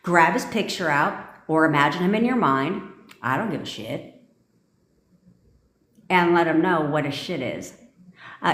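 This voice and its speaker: A woman's voice: low-pitched, animated, a little slow, long pauses. A woman manifestation coach on a livestream, giving a blunt, profane pep talk and repeating commands for emphasis. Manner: blunt, profane, forceful ranting. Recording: echoey room.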